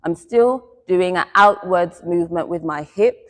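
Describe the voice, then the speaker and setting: A woman's voice: lowish voice, unhurried, big-room sound. A woman teaching a dance lesson step by step, counting the beats aloud as she demonstrates the moves. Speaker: dance instructor.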